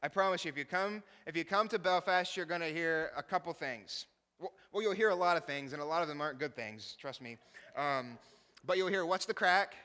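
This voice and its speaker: A bright, forceful man's voice with a smooth, resonant tone, sitting slightly high for a man. He is a missionary pastor chatting through a slide show, laughing and poking fun at himself, and his voice rings out with a long reverb that fills a church hall. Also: a little fast. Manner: chatty, laughing, self-deprecating asides. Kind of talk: casual talk with slides.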